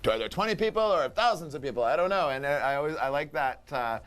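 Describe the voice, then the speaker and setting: Canadian male musician guest, rapid and giggly, casual interview banter. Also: a little high, lively intonation, a bit bright. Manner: giggly, quick, lots of fillers. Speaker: band member guest.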